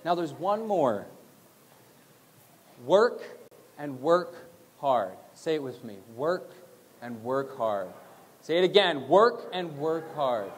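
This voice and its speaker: A young man giving a motivational graduation speech, energetic and leading the crowd in chants. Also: fairly high pitch, slow pace, long pauses, slightly rough. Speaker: motivational speaker. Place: school gym or auditorium. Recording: long hall reverb.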